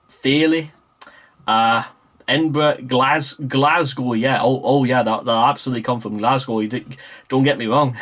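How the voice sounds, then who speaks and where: A young man rambles casually through a vlog, full of fillers and restarts, recorded in a small room. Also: medium pitch. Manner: meandering, full of fillers and self-corrections. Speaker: vlogger. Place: small room with a green screen.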